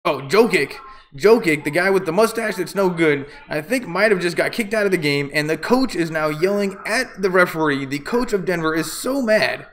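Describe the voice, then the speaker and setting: A man's voice: a little high, fairly bright tone. Rambling, opinionated amateur sports commentator man. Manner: rambling, opinionated, jokey asides. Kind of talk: casual live play-by-play commentary.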